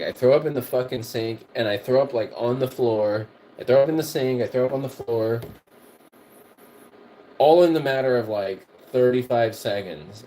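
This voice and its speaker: Cooking in his kitchen, a man who produces music and hosts livestreams tells stories in a rambling, profane, repetitive way. His voice is warm and medium-pitched, with a bit of background noise behind it.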